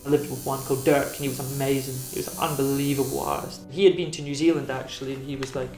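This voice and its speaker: A man's voice: mid-range voice, level tone, racing, darkish tone, echoey room, soft background music. A Scottish man from Edinburgh, a tattoo artist talking in a documentary interview, rambling and full of "you know". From Edinburgh, Scotland.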